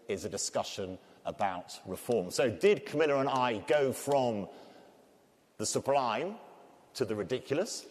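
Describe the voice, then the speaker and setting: A man with a thick Scouse accent moderating a live panel discussion, joking and energetic. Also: medium pitch. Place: large conference hall. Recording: reverberant hall.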